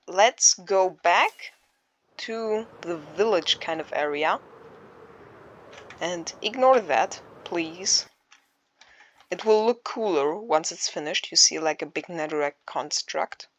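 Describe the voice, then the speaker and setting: A woman casually narrating a tour of her game build, halting and searching for words, with many fillers. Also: lowish voice, fairly bright tone, no echo, lo-fi sound. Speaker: Minecraft builder giving a map tour.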